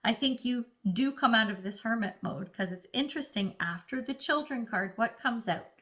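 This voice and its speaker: A woman's voice: a little high, normal speed, a bit bright. A woman giving a casual, chatty tarot reading, playfully acting out little voices as she talks. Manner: speaks of herself as an earth sign. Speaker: tarot reader.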